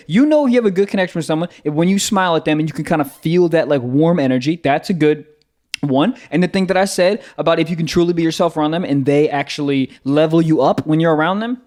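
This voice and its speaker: A young man co-hosts a comedy podcast, his voice fairly high and bouncing all over the place. He talks fast and loose, swears freely and breaks into laughter. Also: darkish tone. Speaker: podcast co-host. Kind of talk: casual comedy chat.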